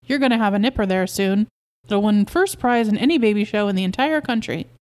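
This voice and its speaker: Excitable, insistent husband in a read-aloud story, voiced by a woman, high and eager. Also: brisk, natural voice. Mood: boastful. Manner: bright, insistent, wheedling. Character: eager excitable husband, middle-aged man. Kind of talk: story reading.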